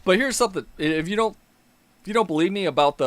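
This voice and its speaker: A man's voice: sits high, expressive, fast, no echo. A man hosting his own political commentary video, ranting angrily with heavy profanity and mocking sarcasm. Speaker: commentary channel host.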